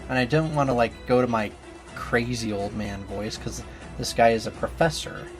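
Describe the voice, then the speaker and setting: A man's voice: medium pitch, normal speed, over music. A man playing a game and trying out character voices, chatting casually in a self-deprecating way.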